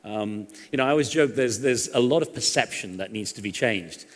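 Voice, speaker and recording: Fast-talking storyteller man. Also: fairly low pitch. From England. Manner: chatty, joke-telling storyteller. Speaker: guest journalist. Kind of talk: on-stage conversation with anecdotes. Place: large stage hall. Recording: long reverb of a stage hall.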